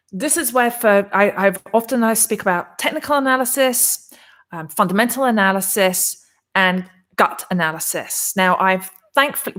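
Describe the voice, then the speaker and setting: A woman's voice: on the low side, fairly bright tone. A woman from England hosting a casual crypto livestream, chatting as she reads out viewer comments, rambling with many restarts and fillers. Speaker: crypto channel host. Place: her condo in Arizona.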